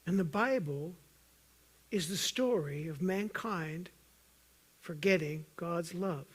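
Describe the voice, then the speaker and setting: A man preaching a sermon as pastor, earnest and urging, at times loud and at times hushed, joking with the congregation. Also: slow, husky. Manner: earnest, swings from loud emphatic urging to soft low intensity; jokes with the congregation.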